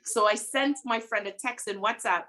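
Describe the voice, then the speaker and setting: Animated woman telling a story. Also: on the high side, normal speed, slight background noise. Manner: animated, dramatic retelling with frequent laughter. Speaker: interview guest. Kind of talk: casual storytelling.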